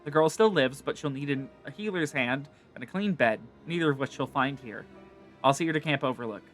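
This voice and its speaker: A man reading the lines of a gruff, rough-spoken mercenary. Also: mid-range voice, fairly quick, a bit bright, faint music behind, lightly acted. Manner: gruff and blunt.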